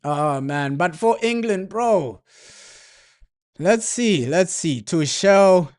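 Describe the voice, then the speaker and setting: A man with a high-pitched, animated, slightly mellow voice takes his time as he streams a football watchalong. Talking casually in heavy slang, he rants over and over about his team's manager, his frustration spilling into this laid-back live match commentary.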